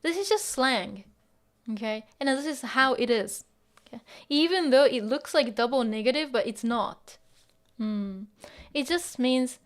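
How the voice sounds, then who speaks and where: A woman gives a relaxed Japanese lesson, switching between English explanations and Japanese phrases. Her voice sits a little high, and she fills her speech with ums and easy laughs. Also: unhurried. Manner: laughs often while explaining. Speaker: Japanese teacher. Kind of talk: casual language lesson.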